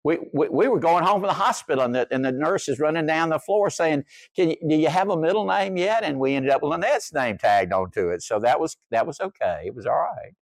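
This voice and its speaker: A man's voice: fairly high pitch, animated, a little fast, hardly any pauses, dry recording. Folksy older male pastor, dry sound. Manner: folksy, humorous storytelling. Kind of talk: sermon.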